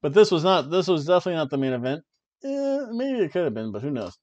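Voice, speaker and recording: A man hosts a wrestling review show in a loose, chatty way, with bursts of excitement and offhand asides. His voice sits a little high for a man. The sound is dull and lo-fi, like a home setup. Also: normal speed. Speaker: wrestling review podcast host. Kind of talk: casual chat.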